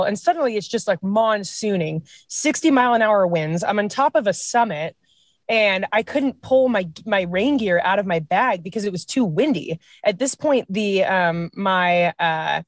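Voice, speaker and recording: Woman from washington telling funny hiking stories, laughs a lot, acts out voices, middle pitch, dry sound. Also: normal speed, no echo. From Washington state. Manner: animated, laughs often, acts out quotes. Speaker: podcast guest, outdoor comedy writer. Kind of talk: casual storytelling chat.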